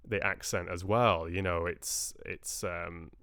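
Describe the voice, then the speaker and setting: A man talks casually to his livestream viewers, wandering from thought to thought and restarting sentences. His voice sits low and sounds smooth and clear. The recording is close and dry, with no room sound around him. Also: fairly even intonation, takes it slowly, a bit bright, no echo. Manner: chatty, rambling, with frequent restarts. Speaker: livestream host and audiobook reader. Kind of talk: casual chat with live viewers.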